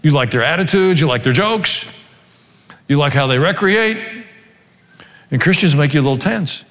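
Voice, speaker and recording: A male pastor delivering a sermon, moving between scripture reading and wry, joking asides. His voice sits a touch high for a man. It rings out with a long reverb, as in a large church sanctuary. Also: normal speed. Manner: animated preaching with dry joking asides.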